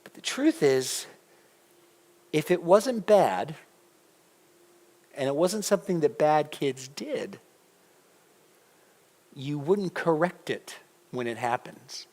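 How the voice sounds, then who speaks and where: A middle-aged man preaching a sermon in a church, conversational and animated, putting questions to the congregation. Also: a little high, slow pace, long pauses. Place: church sanctuary.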